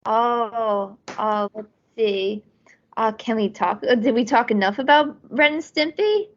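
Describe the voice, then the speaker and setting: A woman's voice: fairly high pitch, measured pace. A woman guest chatting casually on a podcast, rambling with lots of fillers and frequent laughs. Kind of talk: casual chat. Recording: dull lo-fi audio.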